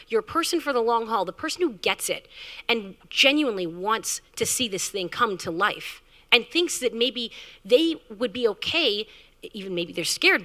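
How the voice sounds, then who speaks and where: A woman startup founder telling a candid, animated story on stage at a live event, acting out the people she quotes. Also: a little high. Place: event venue, amplified on stage. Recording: reverberant event hall.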